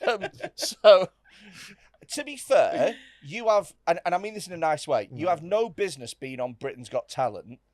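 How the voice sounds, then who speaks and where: A man's voice: a little high, very animated, normal speed, dry recording, clean studio sound. A man co-hosting a comedy podcast, laughing, swearing and mocking in casual chat. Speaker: podcast co-host.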